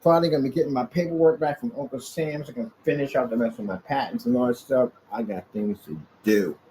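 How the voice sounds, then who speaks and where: A man's voice: medium pitch, quick pace, dark tone, slight background noise, low-quality recording. A man in a casual off-the-cuff vlog rant, rambling about his business and taunting his critics directly, sometimes stretching out words for emphasis. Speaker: small business owner vlogging. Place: office indoors.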